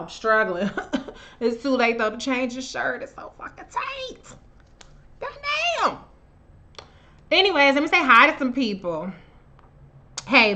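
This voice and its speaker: Woman, live stream host, casual chat, bright and sharp tone, a bit high, profane, blunt. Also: highs cut off. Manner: animated, shouts out viewers by name. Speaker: livestream host. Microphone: own camera on a live stream.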